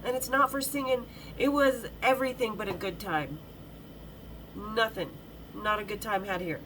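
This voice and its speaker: A woman's voice: medium pitch, moderate pace, a bit bright, a little hiss or hum, rough recording. A middle-aged woman hosting a podcast, telling a story in a frank, bawdy, chatty way with many restarts. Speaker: podcast host.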